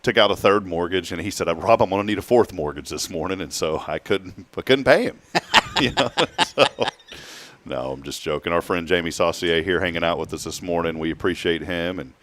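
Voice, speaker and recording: Male morning host, very low pitch, dry close sound, joking and chatty. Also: expressive, normal speed, fairly bright tone, no room sound. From Georgia. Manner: joking, rambling, laughs often. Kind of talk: casual chat.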